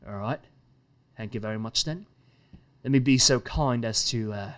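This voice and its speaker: A man's voice: mid-range voice, moderate pace, fairly bright tone, close to an everyday voice. A man doing a blunt, scarred older thug. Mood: menacing. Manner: curt, crude and threatening.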